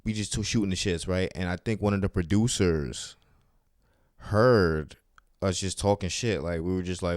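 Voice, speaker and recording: A man's voice: low voice, moderate pace, a little mellow, no echo, studio quality. A man who does stand-up comedy, hosting his own podcast and telling casual, profane, slang-filled stories about his week. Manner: loose, profane, slang-heavy storytelling. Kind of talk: casual solo storytelling podcast. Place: New York City.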